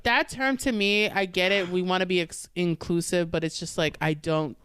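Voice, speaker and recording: A woman comic chats loosely on a podcast and tells stand-up stories, slipping into quoted voices as she goes. Her voice is smooth and clean. The sound is dry and close, with no room around it. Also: fairly low pitch, normal speed, dry recording. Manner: animated storytelling with acted-out quotes. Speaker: stand-up comedian, podcast guest. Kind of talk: casual chat.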